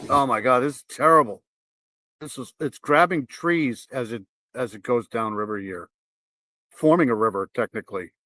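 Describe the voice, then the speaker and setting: A man's voice: medium pitch, moderate pace, pushed and bright, no echo. A man hosting a live stream, reacting to video clips with repeated exclamations, curses and nervous laughter.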